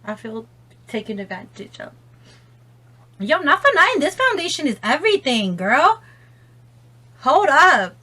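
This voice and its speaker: A woman's voice: high-pitched, big pitch swings, moderate pace, long pauses, sharp tone. A young woman vlogging about makeup at home while on a phone call, talking in a rambling, slangy, profane way and laughing often. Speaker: beauty vlogger.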